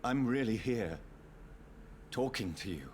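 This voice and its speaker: An actor voicing a restrained, sorrowful undead son, speaking in a measured, quiet way. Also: male voice, medium pitch, animated, a little hiss or hum. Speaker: game protagonist. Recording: game voice acting over loud game music.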